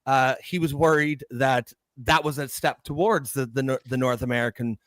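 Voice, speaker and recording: A man's voice: medium pitch, normal speed, a bit bright, no room sound. A Canadian man co-hosting a casual chat show, reading viewer comments with many fillers and restarts. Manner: hesitant, filler-heavy, laughs often.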